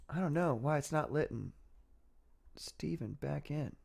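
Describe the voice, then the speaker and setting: A man's voice: on the high side, animated, a little slow, gravelly, long pauses, a little mellow. A man hosting a casual livestream, rambling and sarcastic, often breaking into laughter. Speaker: livestream host.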